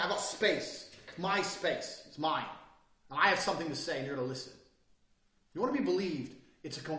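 A brash man in his thirties delivers a profane motivational lecture with fierce, lively swings in his voice. His tone sits on the higher side for a man. The sound is roomy, picked up from some distance off the mic. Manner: blunt, brash and forceful, swearing freely. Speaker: course instructor.

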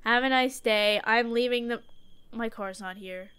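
High, bright-voiced woman playing a horror game. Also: unhurried, clear, resonant tone. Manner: jokey, talks to the game, screams at jump scares. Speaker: gaming streamer. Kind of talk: horror game let's play commentary.

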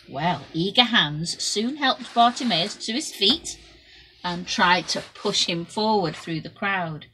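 A woman telling a Bible story to children in an expressive way, shifting between loud and soft. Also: fairly low pitch, slow, slight background noise, rough recording.

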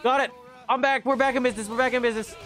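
A young man streaming live gameplay, talking excitably to his viewers, swearing often and yelling at the game. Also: extremely high pitch, rapid-fire.

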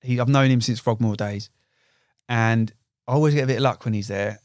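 A man's voice: mid-range voice, brisk, darkish tone, no echo, clean studio sound. A young man and carp angler, telling fishing stories in a casual podcast chat, swearing and saying "you know" a lot. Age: young adult.

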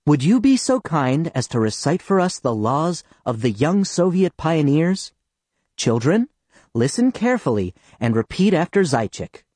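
A man reading the part of a prim female schoolteacher in an audiobook, raising his voice into a higher, lively register for her. Her syrupy politeness hardens into cold sternness. The sound is close and dry. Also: unhurried, no echo. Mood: sugary. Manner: sweetly polite, turning sharp and stern. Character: strict, sugary female Soviet schoolteacher.

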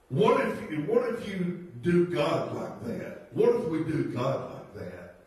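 Pastor, man, high-ish voice, slow folksy preaching, distant mic in a very echoey sanctuary. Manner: folksy, laughing asides, rhetorical questions. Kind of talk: sermon. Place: church sanctuary. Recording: very echoey church from far off.

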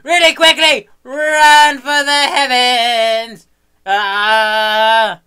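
A young man commentating a game he is playing, yelling in sudden bursts and muttering quietly in between, swearing and joking. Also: very high voice, drawn-out words, slight background noise. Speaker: gaming commentator. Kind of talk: let's play commentary.

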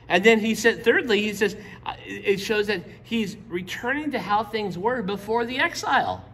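High, a bit bright, and husky, this pastor's voice moves at a normal speed with hardly any pauses. He keeps his casual Bible study playful, trading jokes with the audience and performing the characters' lines.

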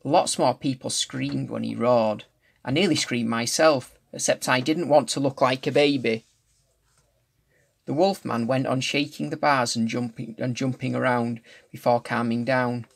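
A man's voice: mid-range voice, fairly even intonation, unhurried, creaky. A man reading a novel aloud chapter by chapter, now and then stumbling and restarting a line. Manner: restarts and corrects slips while reading. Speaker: reader.

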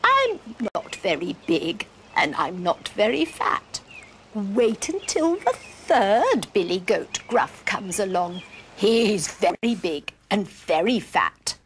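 A woman voicing a modest middle-sized male billy goat, speaking calmly and slowly in a slightly lowered voice. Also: a little hiss or hum. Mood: pleading.

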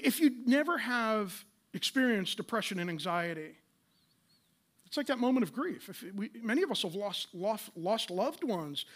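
A pastor in his late thirties preaching a sermon in a conversational, impassioned way, with rhetorical questions and quick restarts. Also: sits high.

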